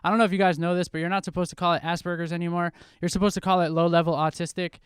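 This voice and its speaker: A man's voice: high voice, rapid-fire, smooth, no room sound, clean studio sound. A man from New Jersey doing a self-deprecating stand-up set on a club stage into a handheld mic. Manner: self-deprecating, relaxed deadpan delivery. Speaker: stand-up comedian.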